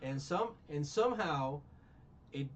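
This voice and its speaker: A man's voice: a little high, expressive, slow pace, recorded from a distance, slight background noise. A man recapping a film in casual chat, rambling and sarcastic, with many restarts. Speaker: podcast co-host recapping a film.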